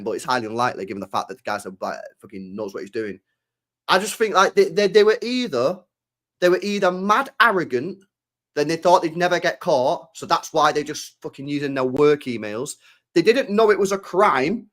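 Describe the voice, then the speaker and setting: Animated guy ranting. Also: on the high side. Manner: animated, swears a lot, fires rhetorical questions. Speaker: podcast host. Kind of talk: casual podcast rant.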